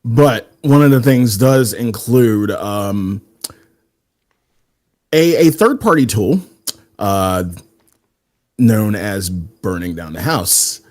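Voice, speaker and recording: A man's voice: on the low side, animated, takes it slowly, long pauses, darkish tone. A man co-hosting a casual discussion show, hesitant and often restarting his words. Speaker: podcast co-host. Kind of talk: casual chat.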